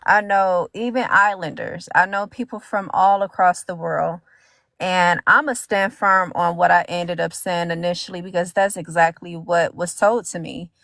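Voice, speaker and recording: A woman's voice: on the low side, a bit bright, no echo. A woman from the United States, a panelist who holds her ground firmly and sighs between her points. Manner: firm, sighing, unbending. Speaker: panelist on a live audio discussion. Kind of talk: heated discussion.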